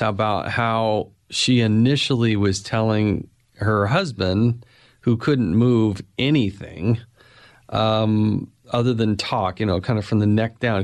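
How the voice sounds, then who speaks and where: A middle-aged man hosting a podcast interview, speaking in a measured, sincere way. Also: fairly low pitch. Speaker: podcast host. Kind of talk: conversational interview.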